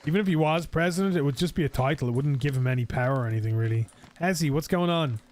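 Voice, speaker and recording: A man's voice: a little high, quick pace, darkish tone, a little hiss or hum. A man with an Irish accent chatting casually and rambling while streaming a game. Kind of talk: casual gaming stream chat.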